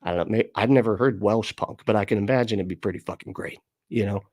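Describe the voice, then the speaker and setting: A low-voiced man hosts a casual livestream, reading his chat aloud and rambling through loose thoughts. He laughs often and swears freely. The sound is dry and close, with no room around him. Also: fast talker, darkish tone, no room sound.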